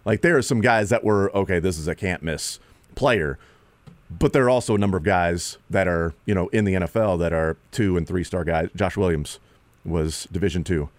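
Man, sports radio host, low voice, rambling and animated, dry close sound. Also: brisk, no room sound. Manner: rambling, animated, mimics players in a raised voice. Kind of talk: sports talk radio chat.

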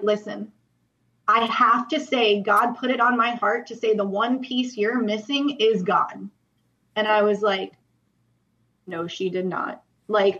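A woman's voice: medium pitch, fairly bright tone, highs cut off. A young woman telling her personal testimony as a podcast guest, earnest and emotional, with many "like" fillers.

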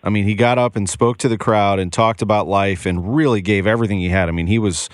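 A man's voice: lowish voice, steady tone, fast, no echo, studio quality. A man hosting a radio sports talk show, earnest and enthusiastic as he tells an anecdote.

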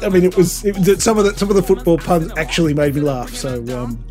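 A man's voice: high-pitched, animated, fast, darkish tone, faint music behind. A man, co-hosting a podcast and reviewing an album in casual, rambling, sweary chat. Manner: rambling, sweary, frequent restarts. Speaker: podcast co-host.

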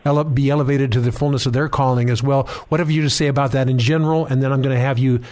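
A man's voice: medium pitch, fairly even intonation, quick pace. A man hosting a faith talk show, speaking in a preacherly way straight to his listeners. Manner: warm preacherly, addresses listeners. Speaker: host.

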